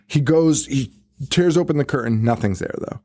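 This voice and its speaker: A man's voice: mid-range voice, normal speed, no echo, clean studio sound. A man co-hosting a podcast, recapping a horror movie in casual chat, swearing freely and acting out the characters' lines. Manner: profane, animated, acts out quoted characters. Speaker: podcast co-host.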